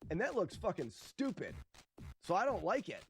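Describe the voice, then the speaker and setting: A man streaming a retro game, giving animated live commentary that is joking and peppered with swearing. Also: high voice, moderate pace, creaky, faint music behind.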